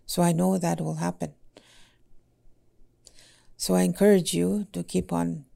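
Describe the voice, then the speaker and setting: A woman language teacher in casual podcast talk, speaking haltingly with many fillers and "eh?" tags. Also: fairly low pitch, level tone, vocal fry, mellow.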